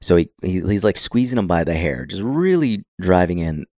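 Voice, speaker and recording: A man's voice: deep voice, sing-song, moderate pace, a little mellow, no echo, clean studio sound. A man casually recapping a film scene by scene with plenty of swearing, acting out the characters' lines. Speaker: podcast co-host recapping a film. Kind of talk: casual chat.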